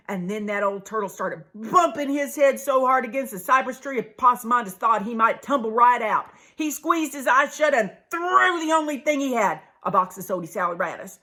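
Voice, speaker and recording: A woman reading a children's picture book aloud with lots of expression, slipping into hushed asides for her young listeners. Her voice sits a touch high and very bright. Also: brisk, few pauses. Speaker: storybook reader.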